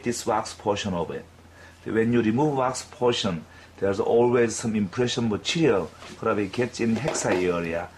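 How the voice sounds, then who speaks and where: A man's voice: fairly low pitch, slight background noise. Man teaching dental technique. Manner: halting, with frequent fillers and restarts. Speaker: dental instructor. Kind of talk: clinical demonstration lesson.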